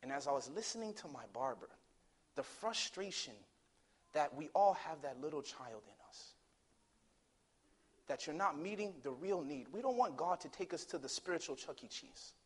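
A man preaching a sermon, dramatic, swinging from loud declaiming to hushed near-whisper, telling stories with acted voices. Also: on the high side, lively intonation, moderate pace, breathy edge.

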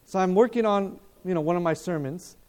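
A man preaching at a seminar, telling a story in a lively way, acting out the dialogue and asking his listeners questions, speaking in a hotel seminar room. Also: high-pitched, a little fast. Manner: animated, acts out dialogue, asks the audience questions.

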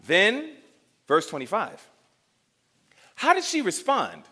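A male preacher delivering a sermon with a high, lively voice that swoops up and down. He speaks dramatically and keeps checking in with his listeners through questions. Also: slow pace, pauses often, breathy edge. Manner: dramatic, asks the congregation questions, acts out scenes.

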